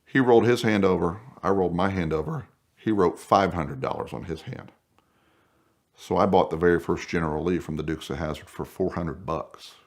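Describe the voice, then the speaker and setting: A man telling a casual anecdote in a lively way. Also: deep voice, moderate pace. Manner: animated, acts out voices in quotes. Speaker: guest storyteller.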